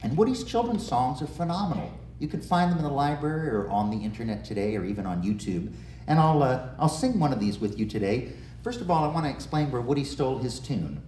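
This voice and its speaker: A folk singer and storyteller tells folk tales and leads the audience in a sing-along, folksy and teacherly, on a community television studio set or stage. His medium-pitched voice is animated, quick and dark, heard from a distance with roomy echo, guitar in the background and slight background noise.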